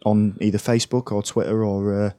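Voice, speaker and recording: A man's voice: fairly low pitch, flat delivery, fairly quick, dark tone, no echo, clean studio sound. A man co-hosting a gaming podcast, chatting casually with swearing and teasing banter. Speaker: podcast co-host. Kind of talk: casual chat.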